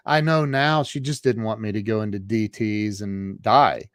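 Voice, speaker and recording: Halting American man telling a story. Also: on the low side, fairly even intonation, dry recording, clean studio sound. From United States. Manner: halting, many restarts and fillers. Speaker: guest. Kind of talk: storytelling in an interview. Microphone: remote call.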